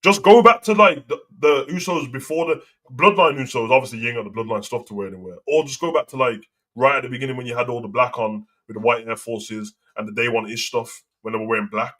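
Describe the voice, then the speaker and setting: A man talks in loose, slangy, opinionated chat as he hosts a live wrestling show. His pitch sits right in the middle range. He keeps a casual, running commentary going. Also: fast, fairly bright tone.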